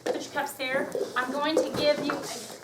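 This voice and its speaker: Woman music teacher barking out grab pass cues then chatting, echoey room, loud crowd noise behind. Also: high-pitched, little pitch movement, normal speed, far from the mic. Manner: calls out rhythmic commands, then explains chattily. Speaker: music teacher leading a workshop. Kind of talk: hands-on teaching demonstration. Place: workshop room with an audience.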